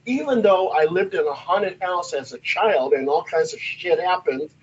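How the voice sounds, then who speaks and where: A male paranormal investigator telling stories in casual chat, animated and acting out the voices in them. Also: high-pitched, moderate pace, slightly rough, lo-fi sound. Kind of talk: casual storytelling.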